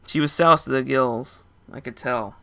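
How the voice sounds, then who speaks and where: A man's voice: mid-range voice, moderate pace, gravelly, bright, forceful tone. A young man narrating a first-person story in a casual, dramatic way. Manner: casual, dramatic, with short laughs.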